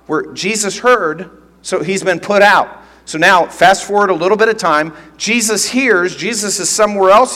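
A man's voice: sits high, sharp tone. A man preaching a sermon as pastor, teaching earnestly and emphatically, often repeating phrases. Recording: long reverb of a large hall.

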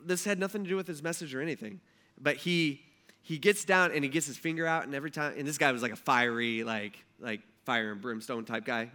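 A man preaching a sermon, telling stories from his own life in a conversational, animated way. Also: mid-range voice. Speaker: pastor.

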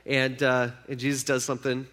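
A man's voice: medium pitch, level tone, fairly quick, a bit bright. A man preaching, retelling a Bible story in a casual, chatty way and acting out the characters' lines.

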